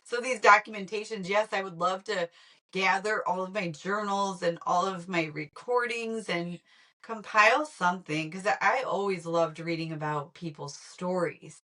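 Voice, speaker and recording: A woman guest in a casual conversation, lively and laughing often, trailing off mid-sentence. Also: fairly low pitch, normal speed.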